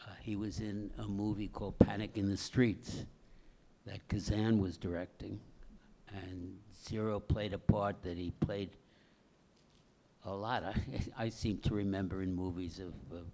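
An older man, a screenwriter, recalling the past on stage in a halting way with many pauses. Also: lowish voice, flat delivery, a little mellow. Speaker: screenwriter guest. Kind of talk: reminiscing on stage.

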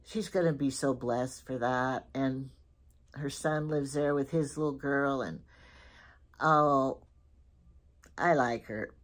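A woman's voice: extremely low pitch, slow pace, pauses often. A middle-aged woman chatting casually through a shopping haul, rambling from one story to the next. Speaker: lifestyle vlogger.

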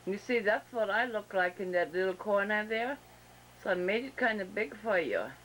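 A woman with a German accent hosting a casual interview show over a video call, talking slowly and deliberately with many fillers and restarts. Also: mid-range voice, animated, fairly bright tone, slight background noise, rough recording. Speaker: talk show host.

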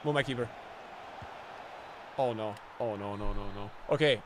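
A man streaming live gameplay commentary, sarcastic and bantering and often yelling at the game. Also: on the low side, normal speed, background noise. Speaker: gaming streamer.

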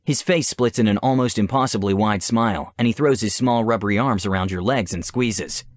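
A man narrating a tabletop adventure as game master, with measured, descriptive storytelling. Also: fairly low pitch, no room sound, clean studio sound.

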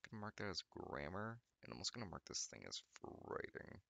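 Sarcastic young man reading, lively bright voice. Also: low-pitched, moderate pace, creaky, few pauses, dry recording. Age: young adult. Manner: sarcastic, laughs often, stumbles over words. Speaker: channel host reading fan fiction. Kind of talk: reading aloud with mocking commentary.

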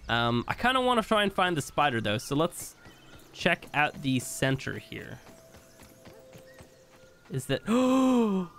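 A man with a fairly high voice talks through his gameplay in a loose, chatty way. His pitch swings widely as he thinks aloud, and he leans on fillers like "um" and "like." It sounds like let's play commentary. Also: fairly bright tone. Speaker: gaming video creator.

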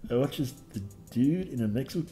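A man's voice: medium pitch, lively intonation, fairly quick, music in the background. A man streaming a dating game, reading it aloud with wry, jokey asides. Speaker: let's play streamer.

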